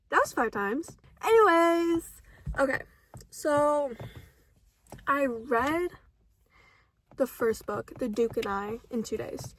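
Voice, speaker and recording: A young woman talking casually to her phone camera at home about books she read, dramatic, swinging from mumbled asides to excited shouts. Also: high voice, slow pace, long pauses. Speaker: book vlogger. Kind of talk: casual book review chat.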